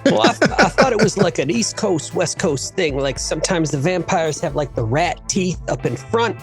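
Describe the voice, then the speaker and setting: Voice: medium pitch, animated, moderate pace, over loud music, natural voice. A player voicing a bumbling crew member in a tabletop game, rambling and stumbling over words. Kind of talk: tabletop role-play in character.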